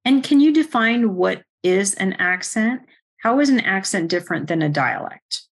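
A woman's voice: medium pitch, expressive, normal speed, vocal fry. A woman hosting a professional podcast, asking her guest organized, inquisitive questions. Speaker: podcast host. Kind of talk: podcast interview.

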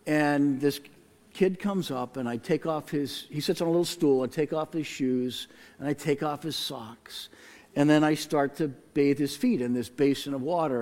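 A late middle-aged man preaching a sermon and telling a personal story in an earnest, reflective way, often dropping to a soft hush. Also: on the high side. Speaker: pastor. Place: large church sanctuary. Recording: long hall reverb in a church.

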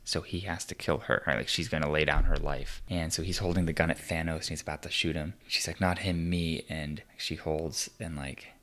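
A man co-hosting a podcast, retelling a film scene in casual chat, full of "like" fillers and quoted lines. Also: very deep voice. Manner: animated retelling, many "like" fillers, quoting characters. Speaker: podcast co-host.

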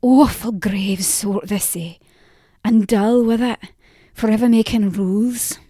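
A woman voicing a gossipy, impatient old peddler woman who talks in a loud, rustic, chattering way in an audiobook. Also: medium pitch, steady tone, takes it slowly, no room sound, studio quality. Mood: gossiping. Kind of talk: audiobook character voice.

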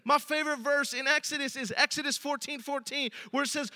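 A male pastor preaching a sermon in a very high, piercingly bright voice. He talks to the congregation in a conversational way. His voice rings with a long reverb in a large hall. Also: fairly even intonation, fairly quick, hardly any pauses.

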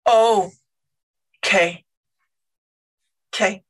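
A woman's voice: mid-range voice, fairly even intonation, very slow. A woman playing a tabletop game, talking in a hesitant, wry, casual way. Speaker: player.

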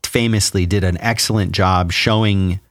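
A man co-hosting a podcast, easygoing and relaxed in casual chat, also reading sponsor spots. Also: low voice, normal speed, no room sound, studio quality. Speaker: podcast co-host.

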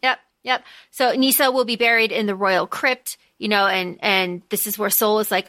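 A woman with a bright, fairly high voice talks through a book's plot on a podcast. She rushes through the recap in lively bursts. The sound is close and dry. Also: no room sound. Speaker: podcast co-host. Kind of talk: casual book-discussion chat.

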